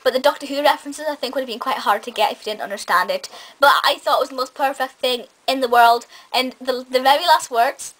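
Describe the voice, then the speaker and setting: A woman with a high voice chats through a casual review vlog. She gushes with enthusiasm and keeps correcting herself with little laughs. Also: quick pace, a bit bright, rough recording. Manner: gushing, enthusiastic, self-correcting with small laughs. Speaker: film and TV reviewer.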